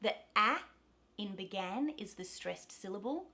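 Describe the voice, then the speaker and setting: An Australian woman teaching pronunciation, repeating example words slowly and clearly. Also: mid-range voice, expressive, sharp tone. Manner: demonstrates words slowly, repeating each several times. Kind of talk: pronunciation lesson.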